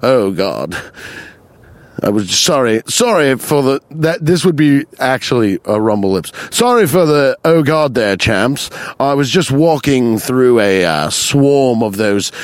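Young adult male comedian, podcast monologue, profane rambling asides, medium pitch. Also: big pitch swings, no room sound. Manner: profane, rambling, self-interrupting, quick asides.

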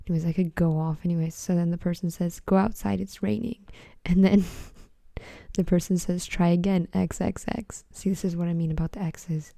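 A teenage girl talks through a casual solo podcast, giggling and swearing freely as she reads messages aloud. Her voice sits low and carries plenty of vocal fry, with a warm, mellow tone. The sound is close and dry. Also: flat delivery, moderate pace, dry recording. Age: teens. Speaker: podcast host.

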